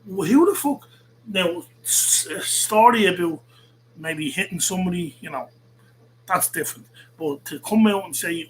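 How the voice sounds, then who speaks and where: A man hosts a podcast in an angry, swearing rant, circling back to the same points again and again. His voice sits slightly higher than most men's. Faint noise runs underneath. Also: animated, moderate pace, rough recording. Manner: heated, profane, repeats himself. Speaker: podcast host. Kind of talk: angry ranting monologue.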